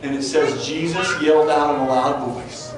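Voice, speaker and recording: A man preaching a sermon and reading scripture aloud, his voice climbing high and loud for the mockers and dropping low and quiet for the somber moments. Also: fairly even intonation, normal speed. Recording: distant mic in a very echoey room with faint noise.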